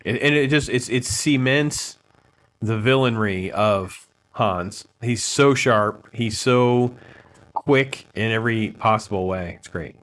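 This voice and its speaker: A man's voice: medium pitch, slow, fairly bright tone. A man hosting a casual livestream film discussion, enthusiastic and thanking viewers. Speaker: host of a film talk stream.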